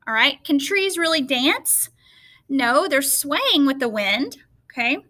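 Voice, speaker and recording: A woman teacher giving a remote lesson to students, explaining slowly and patiently and checking in with frequent okays. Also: high voice, sharp tone.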